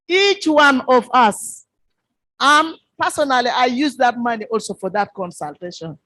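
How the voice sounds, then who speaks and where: Impassioned high-voiced woman. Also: dry recording, low-quality recording. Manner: impassioned, repeats phrases for emphasis. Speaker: member of parliament. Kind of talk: workshop floor contribution.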